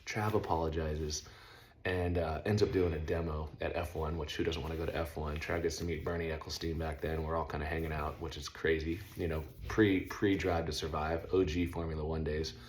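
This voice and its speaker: Deep-voiced man telling a story casually. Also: brisk, a little hiss or hum. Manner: animated, makes loud sound effects while telling; laid-back, uses slang like stoked and dope. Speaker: vlog host telling a story.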